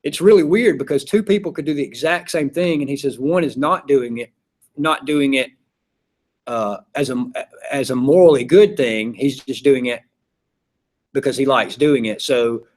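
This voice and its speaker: A man's voice: mid-range voice, normal speed. A man giving a casual classroom lecture, chatty, acting out his examples in little voices. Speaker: philosophy teacher.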